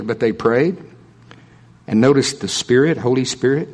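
A male preacher delivers a sermon in a relaxed, folksy manner, chatting with the congregation rather than orating. He leans hard on key points, repeats them for weight, and slips in dry humorous asides. His voice sits at a middling pitch. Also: normal speed.

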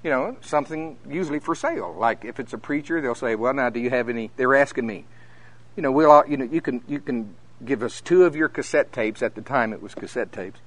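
A middle-aged man gives a sermon to a congregation, his medium-pitched voice moving a little fast. Through animated stories, he acts out the voices of the people involved and laughs often.

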